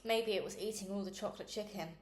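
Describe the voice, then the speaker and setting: A woman reading a children's novel aloud in a steady, earnest way. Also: medium pitch, fast talker. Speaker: reader. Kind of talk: storybook read-aloud. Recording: roomy echo with faint hiss.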